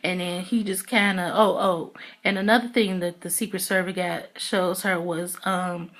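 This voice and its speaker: A woman's voice: lowish voice, fairly even intonation, moderate pace, a bit bright. Woman, vlogger, casual chat, chatty episode recap, acts out the characters' lines. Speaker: TV episode reviewer.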